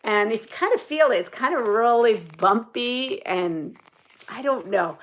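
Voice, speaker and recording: A woman's voice: fairly high pitch, animated, a little slow. A woman hosting a quilting channel, chatting casually and rambling as she shows off items, laughing often. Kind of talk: casual show-and-tell chat. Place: home sewing room.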